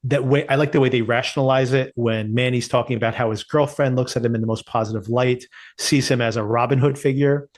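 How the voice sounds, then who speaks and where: A podcast co-host with a medium-pitched, fairly even voice talks a little fast in a casual TV review chat. He discusses a TV series and laughs at his own points.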